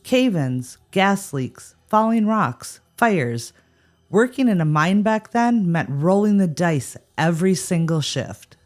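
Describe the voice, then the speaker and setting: A woman with a slightly low voice that swoops and jumps with animated energy co-hosts a scripted ghost-story podcast. She answers the spooky tales with wry, sarcastic quips. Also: slow. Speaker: podcast co-host. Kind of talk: scripted paranormal podcast chat.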